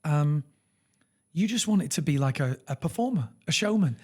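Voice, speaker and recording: A man's voice: a little high, expressive, normal speed, darkish tone, breathy edge. A man co-hosting a podcast, chatting in a reflective way, with stammering restarts. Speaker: podcast co-host. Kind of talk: casual chat.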